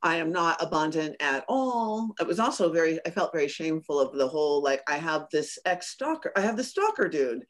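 A woman business coach telling a personal story in a casual interview, animated and often acting out her own remarks with laughs. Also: deep voice, a little fast, hardly any pauses. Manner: animated, acts out quoted lines with laughs.

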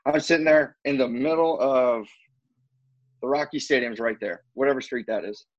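A young man with a husky, slightly breathy voice tells an animated story among friends, slipping into other people's voices for the quotes. The sound is dry and a bit dull. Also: medium pitch, moderate pace, no echo. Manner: animated storyteller, acts out quotes, swears freely. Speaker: guest telling a story.

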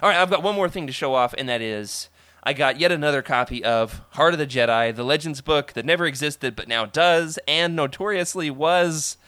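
Excitable man chatting on a podcast. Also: a little high, normal speed, no echo, studio quality. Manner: enthusiastic, animated, laughs often. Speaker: podcast host. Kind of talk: casual podcast chat.

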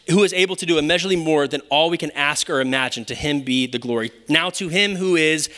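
A man's voice: high-pitched, pushed and bright. A young man preaching a sermon, playful, with joking asides and acted-out quotes. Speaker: pastor.

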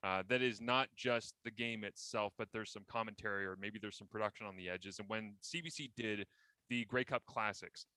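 A podcast host with a bright, forward voice. He chats casually and tells stories with lively enthusiasm. The sound is dry and close, with no room echo. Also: on the low side, moderate pace. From Ontario, Canada. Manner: enthusiastic, animated storytelling. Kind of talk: casual interview chat.

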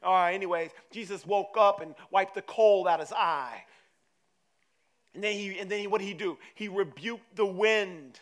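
A man preaching a sermon to his church, telling a story in lively, casual words that swing from loud to hushed. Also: sits high, moderate pace. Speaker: pastor.

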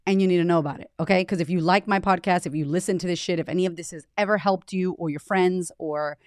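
A woman's voice: lowish voice, steady tone, fast talker, darkish tone, dry recording, studio quality. A woman in her thirties hosting her podcast in an emphatic, chatty way, swearing casually. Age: 30s. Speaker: podcast host. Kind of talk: casual motivational podcast talk. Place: home in Australia.

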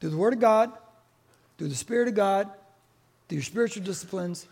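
A man with a strikingly high voice preaches to his church congregation. He keeps it conversational and playful, tossing questions out to the room and waiting for answers. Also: brisk, a little mellow, slightly rough. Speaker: pastor. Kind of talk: sermon.

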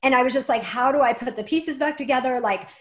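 A woman's voice: high-pitched, fairly bright tone. A young adult woman, a guest and author, telling a personal story earnestly with many "like" fillers. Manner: earnest, fast, lots of "like" fillers.

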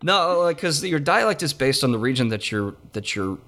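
A man hosting a podcast, talking in a rambling, animated way with lots of fillers. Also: fairly high pitch, normal speed. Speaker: podcast host. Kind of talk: casual chat.

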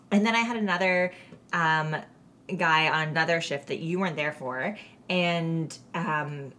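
In an unhurried, low voice, a woman from Canada shares stories on the casual podcast she co-hosts. She laughs frequently and animatedly acts out the things people said.

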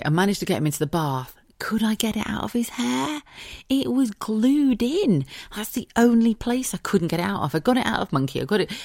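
A low-pitched British woman in her thirties hosts a casual solo podcast. She tells her story in a loose, chatty way, swears freely and laughs easily. The sound is dry, with no room echo. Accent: British English. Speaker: podcast host.

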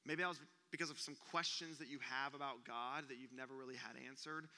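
A young man preaching, an animated storyteller who acts out gasps and sounds during a comic story, speaking in a church auditorium. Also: medium pitch, fast. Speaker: youth pastor. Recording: long reverb of a church hall.

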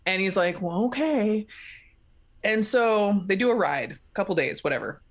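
A woman's voice: mid-range voice, lively intonation, a little fast. A woman in casual chat, animatedly retelling a book's plot, acting out the characters' lines and laughing often. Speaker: podcast co-host recapping a book.

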